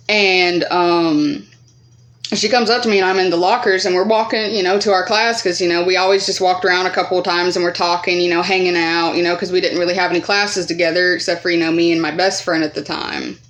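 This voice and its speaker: A woman's voice: fairly even intonation, a little fast. Rambling, profane woman vlogger. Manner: rambling, profane, many fillers; acts out quoted voices higher and louder. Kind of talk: casual storytime vlog.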